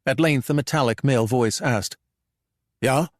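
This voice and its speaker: A male audiobook narrator reading a suspense thriller in a measured, even delivery at a middling pitch. His voice is recorded close and dry, with no room sound around it. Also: dry recording.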